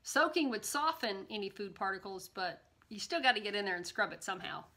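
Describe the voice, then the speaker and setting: A woman's voice: medium pitch, lively intonation, fairly quick, sharp tone. A woman vlogger, reading viewer comments aloud in a bubbly, gushing way and chatting casually to camera. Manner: bubbly and gushing, gasps and coos.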